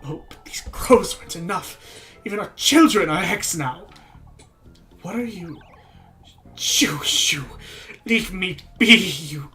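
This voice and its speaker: A streamer voicing a bitter, fearful old village woman in a horror game, sharp and accusing. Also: mid-range voice, unhurried, soft background music, lightly acted.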